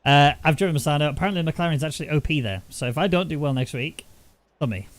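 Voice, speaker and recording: A man's voice: fairly high pitch, fast talker. Joking race commentator, man. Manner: chatty, jokey, teasing. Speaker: sim racing commentator. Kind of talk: live race commentary and banter.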